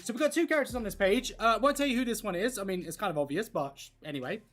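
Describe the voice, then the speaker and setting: A livestream host and content creator chatting casually with viewers while colouring, excitable and gushing. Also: mid-range voice, rapid-fire, soft background music. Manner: excitable and gushing, talking to chat.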